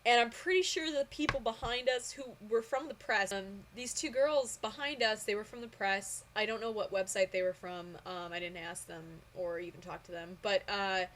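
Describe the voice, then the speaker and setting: A young woman chats straight to camera, telling her story in a loose, rambling way. She gushes and gets excitable, and her speech is full of fillers. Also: mid-range voice, moderate pace, hardly any pauses, slight background noise. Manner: excitable, gushing, lots of fillers. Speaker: vlogger. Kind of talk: casual storytelling vlog.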